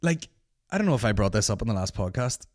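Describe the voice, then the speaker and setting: Sweary comedy podcast host. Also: male voice, lowish voice, fast. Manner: profane, animated, mocking.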